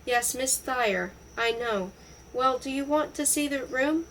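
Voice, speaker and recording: A brisk, no-nonsense wife answers in quick, clipped lines, read by a woman. The pitch sits a little high and the manner stays practical. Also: a bit bright, slight background noise, poor audio. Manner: brisk, mildly exasperated.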